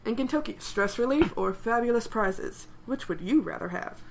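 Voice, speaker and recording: Higher-voiced woman with wry quick comebacks. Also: expressive, creaky, slight background noise. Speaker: podcast co-host. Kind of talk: casual chat recapping a manga.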